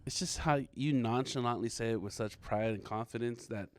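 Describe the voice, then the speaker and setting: A man's voice: medium pitch, moderate pace, dry recording. A young man from the Philippines co-hosting a casual podcast chat, teasing and swallowing his words. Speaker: podcast co-host.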